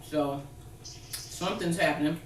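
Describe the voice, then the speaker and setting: A woman's voice: low-pitched, fairly even intonation, unhurried. A woman hosting her channel in casual chat, laid-back and frank, swearing freely. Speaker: channel host. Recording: echoey room, distant mic, faint noise.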